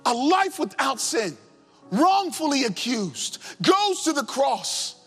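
A man's voice: extremely high pitch, sing-song, slow pace, sharp tone. A man preaching a sermon with passion, repeating his phrases and swinging his emphasis up and down. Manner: impassioned, repetitive, rising and falling emphasis. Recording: long hall reverb with faint music.

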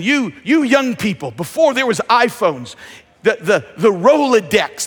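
A man preaching a sermon in a church, repeating phrases and building to shouted emphasis. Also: very high voice, slightly rough, big-room sound. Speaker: pastor. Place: church sanctuary.

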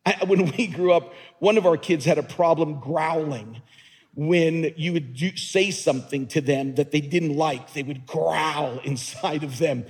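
A male pastor delivers a sermon, earnest and emphatic, doubling back on words as he drives each point home. His voice sits high and carries a husky edge. A long reverb from a large hall trails his words. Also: measured pace.

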